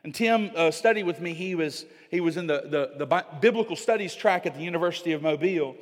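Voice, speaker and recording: Middle-aged male pastor, sermon delivery, higher-pitched voice, dynamic from booming to hushed, reverberant sanctuary. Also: fast talker. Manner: swings from loud preaching to hushed, near-whispered storytelling.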